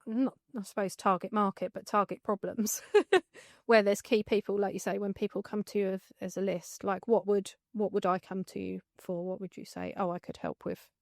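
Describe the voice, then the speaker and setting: A woman hosts a business podcast, her voice sitting at an ordinary middle pitch. She asks chatty, rambling questions full of restarts and personal asides. The recording is dry and close. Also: steady tone, moderate pace, no room sound. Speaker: podcast host. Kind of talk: conversational interview.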